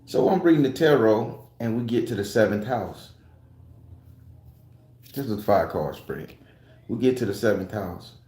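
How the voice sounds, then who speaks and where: A man's voice: lowish voice, expressive, moderate pace, long pauses, dark tone, reverberant. A man and tarot reader telling a story in a casual, profane, emphatic way.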